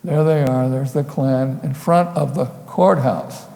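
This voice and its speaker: A man's voice: mid-range voice, fairly even intonation, a little slow, creaky, mellow. An older man, a photographer, telling wry, meandering stories as he shows slides at a public talk. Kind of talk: storytelling lecture with slides. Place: lecture hall. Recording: lecture hall reverb.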